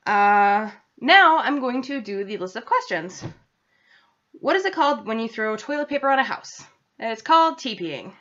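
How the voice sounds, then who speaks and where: Young woman, New England accent, bright high voice, rambling casual vlog chat, dull lo-fi laptop sound. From central Massachusetts. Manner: chatty, rambling, self-deprecating. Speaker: vlogger. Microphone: laptop webcam.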